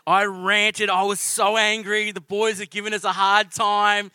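A man's voice: sits high, little pitch movement, unhurried, bright, forceful tone, smooth, no room sound. A man with an Australian accent preaching a sermon in a conversational, storytelling way. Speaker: pastor.

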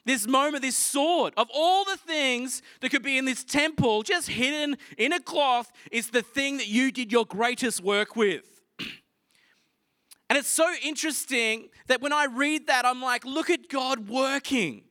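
A male preacher retells a scripture story in a lively, casual storytelling manner. His voice sits high and bright. The sound is close and dry. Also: a little slow, no echo. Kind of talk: sermon.

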